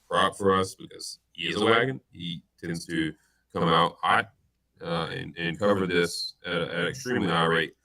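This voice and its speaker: A man's voice: low voice, bright, forceful tone, rough recording. A man co-hosting a casual sports betting stream, rambling through his picks with lots of fillers and restarts. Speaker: sports betting show co-host. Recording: stream audio, sometimes robotic-sounding.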